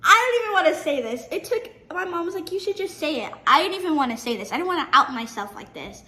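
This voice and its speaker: Teen girl vlogging, high pitched, chatty storyteller, roomy echo. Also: fairly quick, slight background noise. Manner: chatty, animated, frequent restarts. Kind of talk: casual storytelling to camera.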